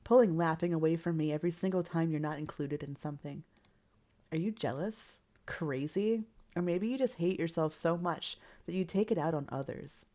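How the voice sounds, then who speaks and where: A woman voicing an obsessive, lovestruck young woman in a visual novel, speaking low and unsettlingly calm. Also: normal speed, natural voice. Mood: cold, cutting. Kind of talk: reading game dialogue aloud.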